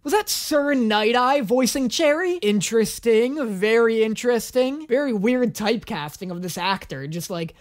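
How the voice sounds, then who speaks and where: Animated, sarcastic woman reaction host. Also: fairly high pitch, normal speed, hardly any pauses. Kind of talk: comedic reaction commentary.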